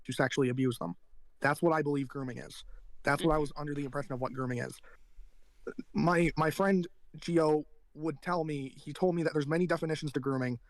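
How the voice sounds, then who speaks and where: Man, interview guest, earnest, halting, slightly high voice, dry sound. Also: fairly even intonation, dry recording, low-quality recording. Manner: earnest, halting, repeats himself. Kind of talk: interview answers.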